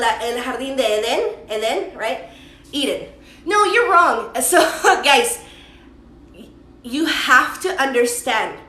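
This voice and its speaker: A native English speaker from the United States teaches English in a bilingual livestream lesson, switching between Spanish and English and repeating words slowly. Her voice is high-pitched, bright and forceful, and the sound is reverberant.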